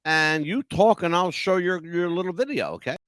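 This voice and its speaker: A man hosting a podcast in casual chat, rambling with halting restarts. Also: high-pitched, a bit bright, dry recording. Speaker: podcast host.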